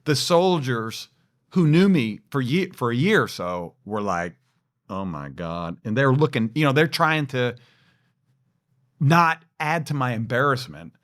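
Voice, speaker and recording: A man co-hosting a podcast, telling a personal story in a lively, animated way. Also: mid-range voice, measured pace. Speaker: podcast co-host. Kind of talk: storytelling in casual chat.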